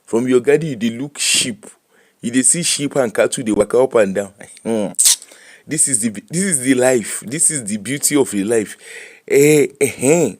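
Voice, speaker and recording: A middle-aged man with a Nigerian Pidgin English accent, hosting a casual live-stream chat, animated and laughing as he mixes Pidgin and English. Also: medium pitch, moderate pace. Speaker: host.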